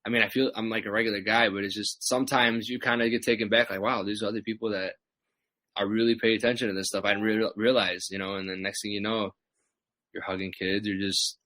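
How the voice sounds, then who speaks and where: A man's voice: on the low side, little pitch movement, quick pace, pushed and bright, no room sound. A man from the Chicago area, a pro wrestler, chatting casually on a podcast and acting out what his fans say to him. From Chicago area, USA. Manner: laid-back storytelling, acts out voices of fans.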